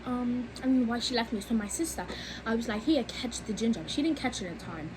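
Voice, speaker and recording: A woman's voice: on the high side, fairly quick. A young woman in casual chat, sarcastic and dramatic, often interrupting. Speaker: vlogger's sister. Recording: noticeable background noise.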